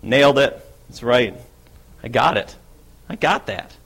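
A man's voice: mid-range voice, unhurried, gravelly, husky, exaggerated voice. A man playing eager, impulsive Peter. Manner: lively storytelling, speeds up and swells when excited. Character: apostle Peter, impulsive eager male disciple. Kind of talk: first-person dramatic monologue.

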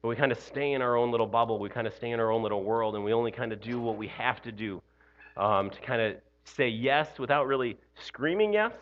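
A mid-range male voice, a little fast, heard through lo-fi sound. The pastor gives his Easter morning sermon in a loose, chatty manner, often with "you know" and "right?", plus laughs at his own expense.

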